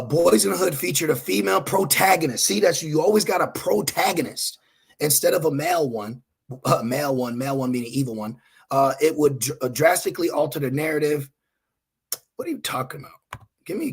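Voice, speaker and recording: A man's voice: mid-range voice, vocal fry, husky. A man preaching scripture online, scolding his listeners with blunt, profane asides and reading Bible verses aloud between his remarks.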